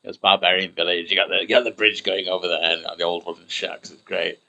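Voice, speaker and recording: A man's voice: low-pitched, steady tone, fast talker, gravelly, pushed and bright, poor audio. A young man rambling through casual gameplay commentary, chatty and self-mocking.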